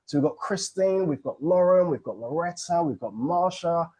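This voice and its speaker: A man's voice: a little high, animated, moderate pace, darkish tone, husky. A man from England with an English accent, hosting an online book launch on a video call in an upbeat, joking, playful way.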